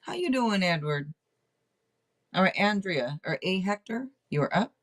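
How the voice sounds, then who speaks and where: A middle-aged woman hosting a casual livestream tarot reading, rambling and chatting out loud to herself between readings. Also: medium pitch, very animated, measured pace. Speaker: tarot reader and livestream host.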